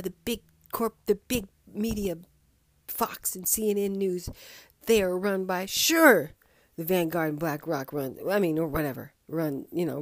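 A woman's voice: medium pitch, no room sound, clean studio sound. Sassy woman ranting on a podcast. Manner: sassy, animated, wandering asides. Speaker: podcast host. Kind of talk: opinionated podcast monologue.

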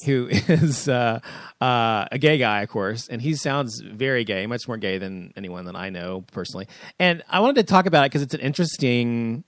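A man's voice: medium pitch, animated, normal speed, dry recording. Dry, rambling gay man hosting a chat. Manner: rambling, many fillers, leads the questions. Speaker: podcast host. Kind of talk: casual group discussion.

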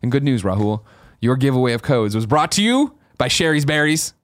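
A man co-hosting a podcast in casual chat, animated and swearing freely. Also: mid-range voice, fairly quick, dry recording, clean studio sound. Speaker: podcast co-host.

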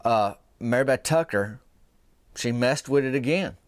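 A man's voice: medium pitch, unhurried, smooth, no room sound. A man telling a folksy comic story in a rambling, drawling small-town gossip manner. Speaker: comedic podcast host.

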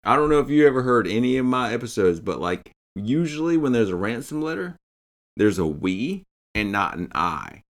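A man's voice: mid-range voice, sing-song, normal speed. A man hosting a podcast, telling a true-crime story in a casual, profane way. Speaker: podcast host.

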